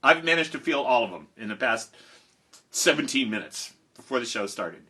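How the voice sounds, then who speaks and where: A man's voice: mid-range voice, big pitch swings, moderate pace, bright, forceful tone, husky. A man who sings and tells stories for children, chatting playfully on a home live stream and coaxing his listeners to join in. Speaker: children's singer and storyteller. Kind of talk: casual live-stream chat to a young audience. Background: guitar playing.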